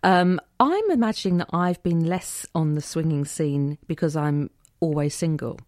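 Dry-sounding, low-voiced woman co-host. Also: normal speed, darkish tone, no echo. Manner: teasing, dry quips. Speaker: radio co-host. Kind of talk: casual radio chat.

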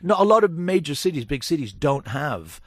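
Joking, halting man on the radio. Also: on the high side, very animated, breathy edge, dry recording, clean studio sound. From Canada. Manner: halting, many restarts, joking. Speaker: radio show guest. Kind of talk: casual radio chat. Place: radio studio.

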